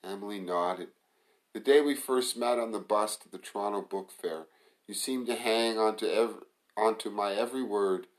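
Low-voiced man reading a novel aloud. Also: moderate pace, low-quality recording. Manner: plain amateur reading with small stumbles and self-corrections. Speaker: reader.

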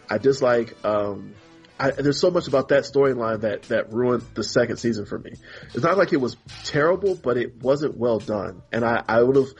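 A man's voice: mid-range voice, husky, highs cut off. A man co-hosting a podcast in casual chat, rambling and exasperated, acting out characters in mock voices. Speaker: podcast co-host.

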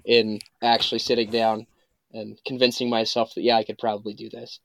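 A man who works as a life coach, a guest on a podcast, speaking in a measured, hesitant way with many ums. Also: fairly low pitch, little pitch movement, creaky, no echo. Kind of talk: casual podcast interview.

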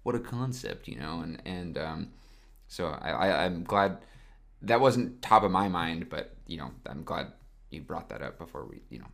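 A man's voice: deep voice, sing-song, normal speed, creaky, fairly bright tone. A man co-hosting a podcast, talking through a film in a loose, rambling way full of filler words. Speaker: podcast co-host. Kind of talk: casual film discussion.

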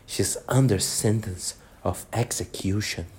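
A man voicing a timid, anxious male rabbit in a read-aloud storybook, in a low, hurried hush. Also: huge pitch swings, creaky, slight background noise, heavily acted.

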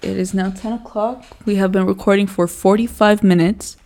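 A woman's voice: medium pitch, steady tone, moderate pace, a little mellow. A young woman co-hosting a casual podcast, swearing freely and saying "like" constantly. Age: young adult. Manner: casual, heavy swearing, says "like" a lot. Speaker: podcast co-host. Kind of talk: casual chat.

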